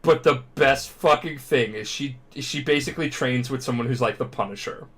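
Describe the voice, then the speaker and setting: A man's voice: medium pitch, normal speed. Drunk man rambling through a story. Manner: rambling, profane, animated. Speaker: podcast co-host. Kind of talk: casual podcast retelling.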